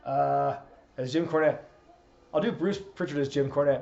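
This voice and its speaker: A man hosting a live watch-along, chatting loosely and laughing as he reads viewer requests. His voice is gravelly and somewhat high. The sound is dull and lo-fi. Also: moderate pace, pauses often, darkish tone. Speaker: streamer host.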